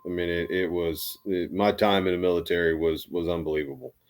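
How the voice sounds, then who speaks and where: Low-voiced army vet guy rambling thru his stories, lots of um and restarts. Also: level tone, brisk, clear, resonant tone. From United States. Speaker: guest, Army veteran. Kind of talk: casual storytelling.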